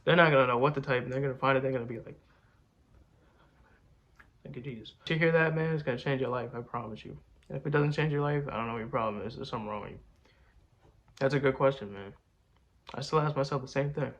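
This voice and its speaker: A young man, a rapper answering questions from fans, speaks fast with a medium-pitched, fairly bright voice over dull audio. His casual chat rambles and boasts, full of slang such as "bro" and "man."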